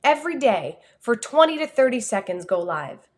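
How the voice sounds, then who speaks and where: Energetic New Jersey woman coaching live. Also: on the high side, moderate pace. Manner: energetic, expressive, talks with her hands. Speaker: communication coach. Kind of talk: motivational livestream talk.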